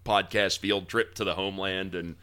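A man hosting a podcast, trading laughing banter with his co-hosts and then narrating history in a steady storytelling voice. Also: low-pitched, moderate pace, clean tone. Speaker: podcast host. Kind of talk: casual chat and history narration.

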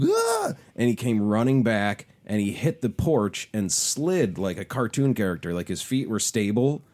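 A man's voice: sits low, darkish tone. A man in his thirties, co-hosting a casual chat, telling rambling, profane stories and laughing often. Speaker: podcast co-host.

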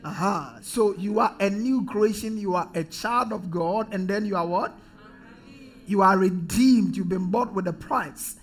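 A man preaching a sermon in church, leading the congregation in call-and-response and often rising to shouts. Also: high-pitched, a little slow.

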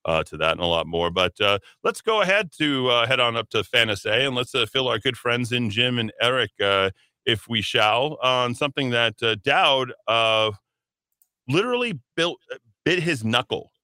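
A man's voice: medium pitch, animated, normal speed, sharp tone, clear, resonant tone, no room sound. A man hosting a talk radio show, rambling and sardonic, with many fillers and asides. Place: radio studio.

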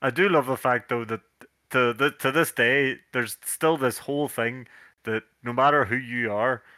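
A man's voice: medium pitch, moderate pace, pushed and bright, no room sound. A man co-hosting a podcast, chatting about wrestling with enthusiasm and plenty of swearing. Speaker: podcast co-host. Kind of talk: casual wrestling chat.

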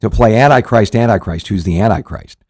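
A man's voice: lowish voice, brisk, darkish tone, no room sound, studio quality. A male pastor hosting a show, teaching scripture in an earnest, conversational way, with frequent restarts and fillers.

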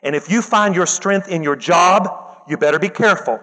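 A man preaching a lively sermon, acting out the people he quotes and breaking into loud bursts. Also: sits high, moderate pace. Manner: animated, acts out quoted voices, loud bursts. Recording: long hall reverb.

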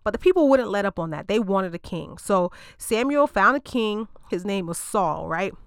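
A woman host retelling a Bible story in a loose, slangy way, breaking off for joking asides to her listeners. Her voice is smooth and clear, recorded dry and close with no room sound. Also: mid-range voice, animated, moderate pace, no room sound. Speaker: podcast host.

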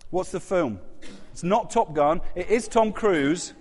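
A man's voice: sits high, animated, unhurried, darkish tone. A man preaching a sermon in a conversational way, often putting questions to his congregation. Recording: long hall reverb.

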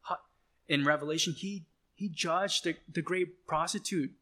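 Slow, emphatic male preacher. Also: fairly high pitch, pushed and bright. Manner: emphatic, repeats phrases, slow deliberate delivery. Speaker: pastor. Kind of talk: sermon.

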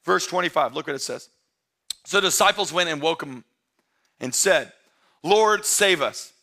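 A man preaching a sermon as pastor, talking straight to his church in a conversational way and often rising to emphatic, shouted excitement. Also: fairly high pitch, moderate pace. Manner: conversational, addresses the congregation directly.

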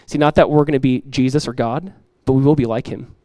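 A middle-aged man preaching a sermon as pastor to his church, earnest and direct, repeating key lines and acting out everyday voices with lively emphasis. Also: medium pitch, fast, no echo, rough recording. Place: church sanctuary.

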